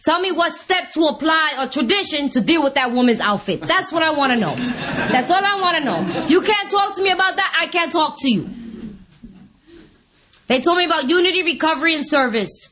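A woman with a high-pitched voice speaks fairly quickly at a recovery meeting, giving a humorous testimony. She's lively and animated, acting out the voices of the people she quotes and laughing often.

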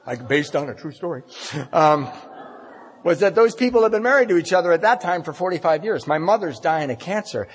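A man's voice: a little high, husky, long reverb tail. A man giving a talk at a recovery meeting, telling his story to a large audience and acting out the voices of the people in it. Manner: animated storyteller, acts out voices.

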